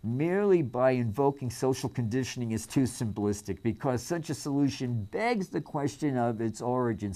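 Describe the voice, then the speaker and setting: A man's voice: medium pitch, darkish tone. Man reading aloud with offhand asides. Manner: reads aloud with asides, fillers and restarts. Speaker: host reading aloud and commenting. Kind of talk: casual spoken commentary on a reading.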